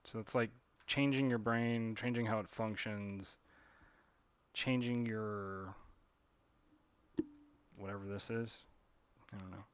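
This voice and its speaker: A man's voice: lowish voice, steady tone, slow, pauses often, smooth, no room sound. A man, a comic artist chatting casually on a drawing livestream, rambling with lots of fillers and self-corrections. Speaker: comic artist streaming his drawing work.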